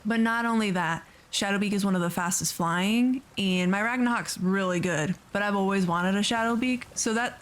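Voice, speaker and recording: A woman hosting a let's play video, giving casual, chatty gameplay commentary and gushing over the creatures she raises. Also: fairly high pitch.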